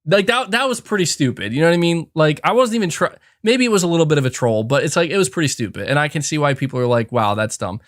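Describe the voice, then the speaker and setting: A man's voice: a little high, very fast, hardly any pauses, no echo, studio quality. A man hosting a live podcast, chatting casually and rambling through reflections with lots of fillers and restarts. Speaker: podcast host. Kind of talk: casual livestream chat.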